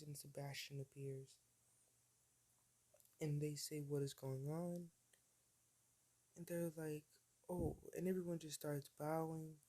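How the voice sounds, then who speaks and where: A man's voice: a little high, dark tone. A man casually retelling a fan-made story, rambling and full of fillers and self-corrections.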